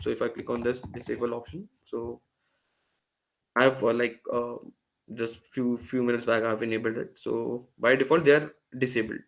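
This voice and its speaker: A man's voice: medium pitch, gravelly. A man presenting a live online workshop, explaining step by step with frequent fillers and restarts over a video call. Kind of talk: live screen-share tech demo.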